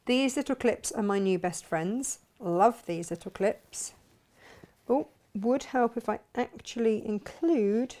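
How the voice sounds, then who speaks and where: A sewing vlogger and shop owner with a warm, medium-pitched voice chats casually through a sewing project, narrating each step. She pokes fun at herself and breaks off now and then to concentrate.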